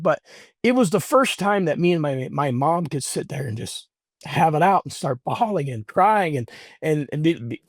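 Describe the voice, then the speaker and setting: A middle-aged man, a guest on an interview show, tells a personal story in an earnest, heartfelt way, often halting and restarting his sentences. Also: fairly high pitch, no echo, clean studio sound.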